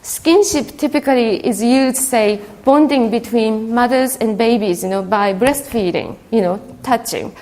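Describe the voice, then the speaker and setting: A woman delivering a conference keynote in a hall. She speaks in a halting way, filling pauses with frequent ums and uhs. Her voice sits a little high. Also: darkish tone.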